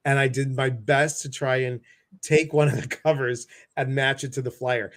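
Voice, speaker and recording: A man's voice: medium pitch, fairly even intonation, normal speed, fairly bright tone. This is a chatty man with a Midwestern American accent hosting a live online show. He talks in an effusive, joking way and calls out viewers by name. His voice comes through a video-call mic. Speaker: host. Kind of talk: casual livestream chat.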